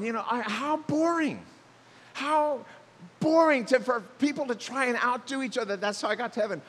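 A man's voice: very high-pitched, moderate pace, fairly bright tone, slightly rough, in a large hall. A man preaching a sermon as pastor, telling stories with animation and acting out the voices of the people he quotes.

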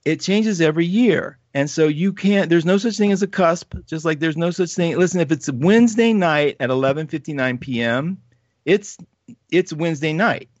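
A man hosting a live astrology talk show, reading viewer comments in an animated, chatty way and laughing often. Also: fairly high pitch, moderate pace, no echo, muffled recording.

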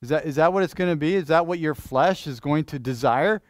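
A pastor preaching in church, lively and questioning, restarting phrases and asking the congregation things. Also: male voice, a little high, fairly quick, no room sound, clean studio sound. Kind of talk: sermon.

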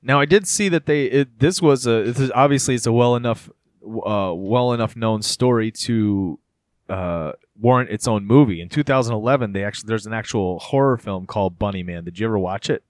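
A man's voice: lowish voice, fairly quick, dry recording, clean studio sound. Rambling man hosting a podcast. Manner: rambling, animated storytelling with many fillers. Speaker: podcast host. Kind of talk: casual chat.

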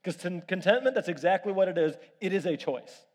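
A man preaching a sermon, telling family stories with lively animation and asking the congregation to raise their hands. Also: high voice, brisk. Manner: animated storytelling with audience questions. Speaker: pastor. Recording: long reverb of a large hall.

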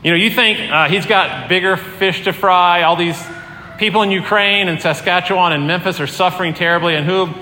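A man's voice: high-pitched, brisk, bright, forceful tone. A man preaching a sermon as pastor in a conversational, earnest way with many fillers. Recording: echoey hall, long reverb, faint room noise.

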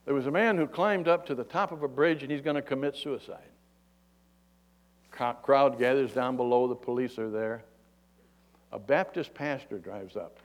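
A man's voice: medium pitch, normal speed. A male preacher giving a folksy, conversational sermon.

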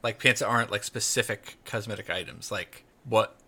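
Bright-voiced man chatting casually. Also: fairly low pitch, normal speed, slightly rough. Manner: rambling, heavy on "like" fillers. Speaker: podcast co-host. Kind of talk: casual gaming podcast chat.

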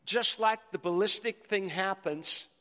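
A middle-aged man preaching a sermon as pastor, energetic and leading the congregation in call-and-response. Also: high voice, unhurried. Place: church sanctuary. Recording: long hall reverb in a church.

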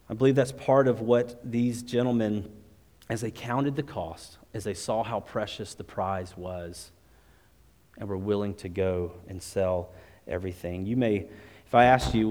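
Low-voiced man preaching in a reverberant hall. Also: a little mellow. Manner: earnest, conversational, with frequent restarts. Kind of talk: sermon and closing prayer. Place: church service. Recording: long reverb of a large hall.

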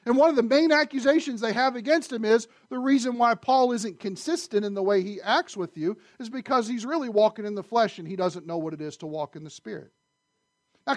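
High-pitched, animated male preacher. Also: brisk, no echo, studio quality. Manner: animated preaching, swings between loud emphasis and quiet asides. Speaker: pastor. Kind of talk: sermon.

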